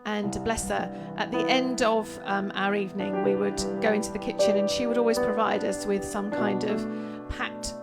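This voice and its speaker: A woman co-hosting a live stream, chatting warmly with frequent hesitations. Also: medium pitch, fairly even intonation, moderate pace, gravelly, over loud music. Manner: warm, chatty, hesitant with fillers. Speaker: co-host. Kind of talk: live-streamed casual chat.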